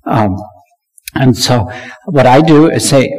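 A man preaching a sermon, animated, often repeating words and restarting his sentences. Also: medium pitch, normal speed, long reverb tail, rough recording.

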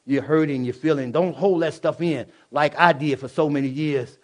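Brief: man testifying from the pulpit, fairly high voice, fervent, casual, runs from hushed to loud. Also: normal speed. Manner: casual, repetitive asides to the listeners. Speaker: church speaker giving testimony. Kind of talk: preaching testimony.

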